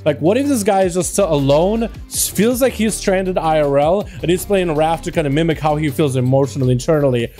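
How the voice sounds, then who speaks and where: A man's voice: a little high, brisk, hardly any pauses, dark tone. A young man hosting a gaming livestream, chatting and joking with his viewers in a rambling casual way. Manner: chatty, rambling, jokey, talks to chat. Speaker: livestream host. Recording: faint music behind. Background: faint background music.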